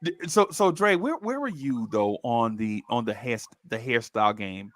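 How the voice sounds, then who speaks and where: A man hosting a casual podcast chat, telling animated stories and laughing easily. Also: medium pitch, normal speed, dry recording. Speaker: podcast host.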